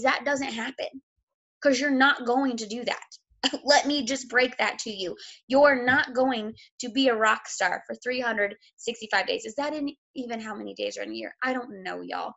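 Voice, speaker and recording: A woman's voice: fairly high pitch, moderate pace, vocal fry, a bit bright. A woman, a fitness coach giving a blunt, emotional motivational talk, sick and close to tears, swearing freely.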